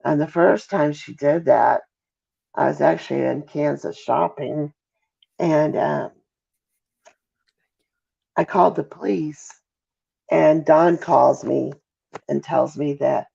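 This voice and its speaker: A middle-aged Midwestern woman giving an emotional interview as a mother. She talks haltingly, breaks off and apologizes, with a gravelly edge to her voice. The call audio sounds dull and lo-fi. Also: sits low, dark tone.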